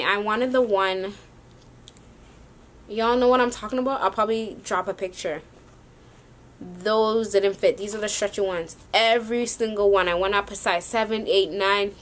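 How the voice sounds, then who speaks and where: A woman's voice: medium pitch, moderate pace, a little hiss or hum. A woman vlogging a sneaker haul, rambling and casual with lots of slang. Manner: chatty, rambling, slangy ("yo", "y'all").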